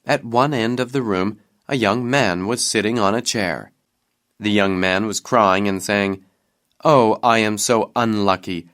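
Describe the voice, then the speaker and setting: A man reads a graded-reader storybook aloud, slowly and clearly. His voice sits on the low side. The delivery is plain scripted narration. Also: a bit bright.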